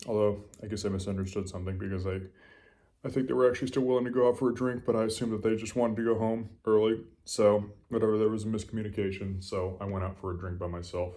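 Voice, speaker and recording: A tipsy American man talks low into his camera late at night, rambling and profane. His voice sits deep, and he keeps it hushed and offhand. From Los Angeles. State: a little drunk. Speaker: vlogger.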